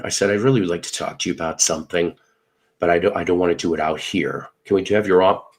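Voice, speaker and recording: Podcast host, middle-aged man, very low voice, animated storyteller who swears freely. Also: fast, a little hiss or hum. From Northern Illinois. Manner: animated, profane storyteller acting out dialogue. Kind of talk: casual storytelling chat.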